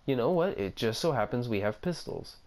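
A man's voice: medium pitch, animated, a little fast, darkish tone. A young man giving casual commentary over his own gameplay, rambling to himself and easily amazed. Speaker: gaming video creator.

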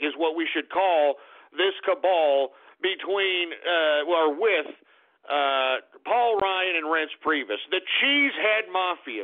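A man hosting a talk radio show, delivering a blunt, crude political rant with exasperated outbursts and calling his listeners folks. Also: high-pitched. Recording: phone-like lo-fi radio recording.

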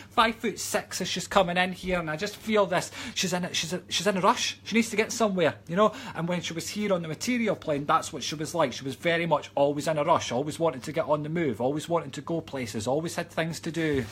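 A man's voice: a little high, fairly bright tone, a little hiss or hum. A Scottish man working as a psychic medium, giving chatty live-stream readings from home and calling viewers sweetheart.

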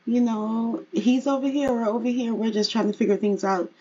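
Tired young mother in a life-sim game, husky and frank, a bit higher, voiced by a woman. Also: steady tone, moderate pace, warm tone, highs cut off, a little hiss or hum, lightly acted.

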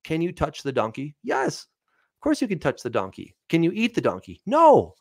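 Fielding viewers' Bible questions in a relaxed, chatty way, this man reads verses aloud and throws rhetorical questions at his listeners. His voice sits on the high side and moves briskly, with no room sound. He's lively and conversational, often saying "all right" and "right?".

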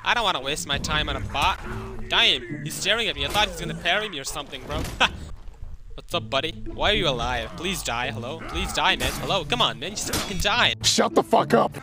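A man's voice: fairly high pitch, animated, fairly quick. A young man giving casual gameplay commentary, trash-talking and swearing at opponents. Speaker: gaming YouTuber. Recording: game music underneath.

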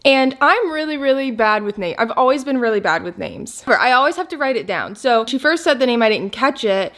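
A chatty young woman vlogging casually to her viewers. Her voice sits a touch high and she rambles, excitable and emotional. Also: a little fast. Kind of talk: casual diet vlog chat.

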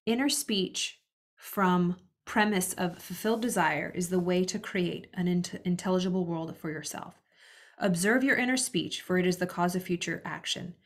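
A woman with a somewhat low voice reads from a spiritual book. She stops often to reflect and speaks directly to her listeners between passages, like a teacher thinking aloud. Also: normal speed. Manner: reflective, with spoken asides to listeners.

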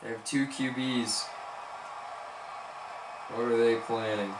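Excitable man commentating his own gameplay. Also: mid-range voice, takes it slowly. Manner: excitable, cheers on and scolds the players aloud. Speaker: gamer playing a football video game. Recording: echoey room with background noise.

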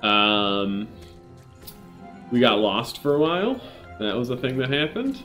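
A man's voice: medium pitch, very animated, unhurried, fairly bright tone, faint music behind. A man hosting a video game playthrough, chatting casually with dry, self-mocking jokes. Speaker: gameplay host. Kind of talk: casual let's-play commentary.

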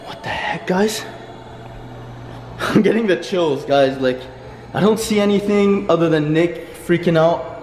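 A young man hosting a horror vlog, talking to viewers as "guys" and getting loud and scared as things go wrong. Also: a little high, unhurried, slight background noise. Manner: addresses viewers as guys, grows panicked and shouty. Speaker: vlogger.

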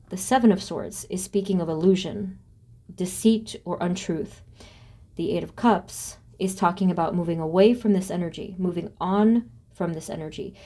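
Woman doing a tarot reading, soft mellow voice, thinks out loud and pauses a lot. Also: lowish voice. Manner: reflective, pauses to ask spirit and names cards aloud. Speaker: tarot reader. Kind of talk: solo tarot reading to camera.

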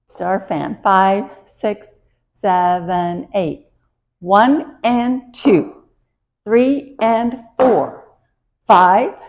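A woman teaching a line dance step by step, counting the beats aloud while she dances, upbeat and encouraging. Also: mid-range voice.

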